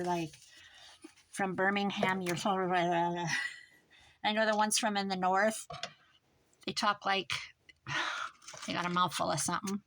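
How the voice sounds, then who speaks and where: A woman talking casually and rambling off topic as she works on a craft project, her voice trailing off quieter at times. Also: lowish voice, slight background noise. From American Midwest. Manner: rambling, thinks aloud while working, drifts quieter. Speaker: craft vlogger. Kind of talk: chatty crafting monologue.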